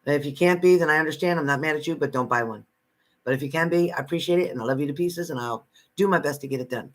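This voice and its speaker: A man's voice: fairly high pitch, fast talker, fairly bright tone. A man giving live psychic readings to viewers from home in a chatty manner, repeating phrases and calling people by name. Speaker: psychic reader.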